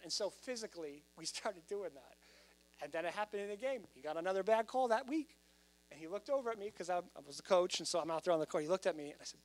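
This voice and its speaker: A man preaching a sermon as pastor, talking to his congregation and often rising to loud emphasis. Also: sits high, quick pace.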